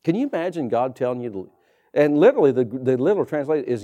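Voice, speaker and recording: A man preaching a sermon in church, animated and calling out to the congregation. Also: medium pitch, fast, muffled recording. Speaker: pastor.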